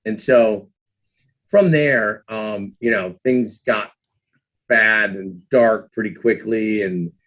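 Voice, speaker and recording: A man's voice: lowish voice, slow pace, fairly bright tone. A man around fifty, a podcast guest telling his story casually, with lots of "you know"s and acted-out quotes of his own past thoughts. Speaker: guest, former trader and author.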